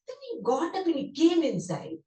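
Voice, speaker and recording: A woman's voice: high voice, very animated, moderate pace, dark tone. A woman, a guest speaker animatedly telling emotional memories in a devotional talk. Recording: roomy hall, distant mic.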